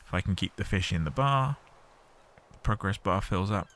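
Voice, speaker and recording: A man's voice: sits low, lively intonation, normal speed, fairly bright tone. A man hosting a game playthrough, chatting casually and explaining the controls step by step. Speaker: gaming host.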